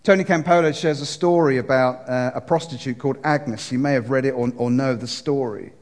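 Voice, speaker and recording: A man's voice: mid-range voice, brisk. A man preaching an earnest sermon, telling a story and acting out the voices in it. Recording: long hall reverb.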